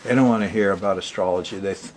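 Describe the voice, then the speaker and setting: A man's voice: low voice, fast talker, a little hiss or hum. Chuckling, rambling male astrology host. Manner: chuckling, chatty, rambling asides. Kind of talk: casual monologue to camera. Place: Hawaii.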